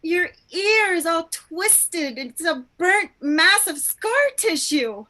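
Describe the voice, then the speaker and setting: A woman playing a naive, polite amnesiac who speaks in a bright, wondering way, in a live play reading over a video call. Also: extremely high pitch, lively intonation, slow, full character voice. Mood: blunt.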